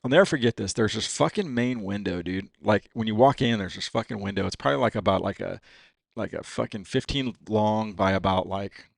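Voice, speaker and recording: Fast-talking, profane storyteller man. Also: on the low side, gravelly, dry recording, clean studio sound. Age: 50s. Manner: profane and animated, says "dude" constantly. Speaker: podcast guest, racer. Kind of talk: casual storytelling.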